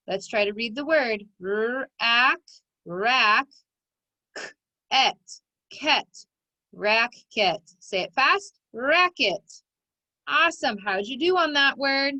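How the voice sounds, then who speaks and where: A woman's voice: sits high, animated, normal speed, pushed and bright, no room sound, muffled recording. A woman teaching a recorded phonics lesson to children, giving encouraging step-by-step instructions.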